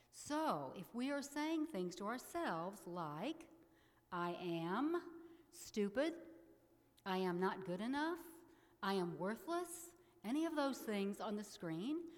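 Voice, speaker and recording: A middle-aged woman minister giving a sermon in a church, leading the congregation in spoken affirmations in a measured way. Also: mid-range voice, darkish tone, long reverb tail.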